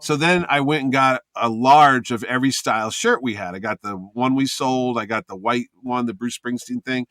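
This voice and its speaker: Animated man telling a story, dry sound. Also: mid-range voice, normal speed, few pauses, no echo. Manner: animated anecdote teller, acts out quoted voices. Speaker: convention organizer telling a story. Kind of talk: casual storytelling chat.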